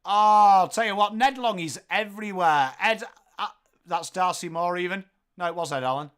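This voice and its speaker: An English man hosting a live football watchalong, calling the play and joking with chat viewers in an excitable, playful way. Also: high voice, normal speed, clean tone. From England. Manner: excitable, jokey, bursts into loud calls of the play. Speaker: watchalong host.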